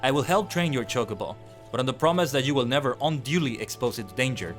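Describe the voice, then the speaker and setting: Stern bird trainer from a game, read by a guy, measured, music behind. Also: mid-range voice, lively intonation, close to an everyday voice. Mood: solemn.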